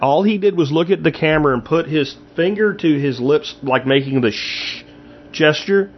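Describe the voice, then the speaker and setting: A man's voice: fairly high pitch, highs cut off. A man hosting his own show, giving a blunt, emphatic commentary monologue straight to his listeners. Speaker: show host.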